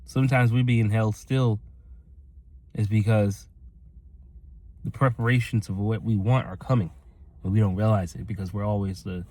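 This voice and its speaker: A man's voice: lowish voice, steady tone, moderate pace, pauses often. Earnest man giving a motivational talk. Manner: rambling, earnest, addresses "ladies and gentlemen"; acts out quoted voices in his stories. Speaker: motivational vlogger.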